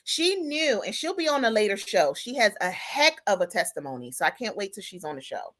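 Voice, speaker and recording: Lively, bright-voiced woman telling a story. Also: medium pitch, fairly quick. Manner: animated storytelling, talks back to the audience with "y'all" and "girl". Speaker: podcast host. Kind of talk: casual chat.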